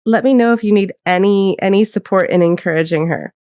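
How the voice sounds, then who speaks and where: A woman's voice: medium pitch, brisk, a little mellow, no echo. A woman on a casual podcast, agreeable and encouraging as she chats.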